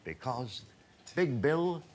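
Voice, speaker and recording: A man's voice: mid-range voice, sing-song, slow, heavy background noise. A man acting out a defiant male entertainer giving a mock-solemn stage address.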